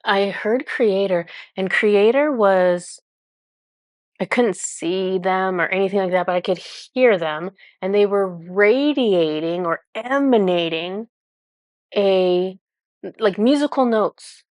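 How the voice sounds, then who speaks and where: A woman's voice: medium pitch, slow pace, no echo, clean studio sound. A woman channeler who explains a spiritual experience in casual talk. She rambles, looks for words and fills her speech with "like". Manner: rambling, searching for words, many "like" fillers.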